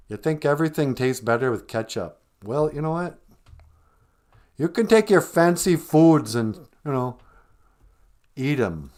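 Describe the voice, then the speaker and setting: A man's voice: medium pitch, lively intonation, unhurried, pauses often, darkish tone. Joking man chatting on a stream. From northern Minnesota. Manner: joking, laughs often, rambling. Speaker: live stream host. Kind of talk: casual chat on a live stream.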